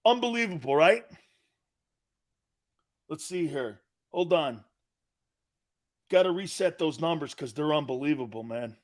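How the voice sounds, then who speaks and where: A middle-aged man hosting a sports talk show, ranting and bantering loudly in a casual way. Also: a little high, unhurried, long pauses. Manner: loud, animated, bantering rants.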